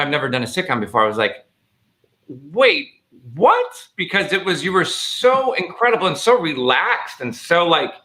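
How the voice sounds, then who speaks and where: Bright-voiced man gushing as a guest. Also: a little high. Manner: effusive, gushing praise. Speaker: guest actor. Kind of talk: casual chat on a live stream.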